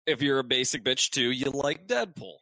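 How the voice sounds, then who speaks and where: A podcast co-host, a man with a bright, lively voice, chatting casually and cracking jokes. He swears freely as he retells a comic. The sound is dry and close to the mic. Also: mid-range voice, normal speed, no echo. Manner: animated, joking, swears freely. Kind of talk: casual chat.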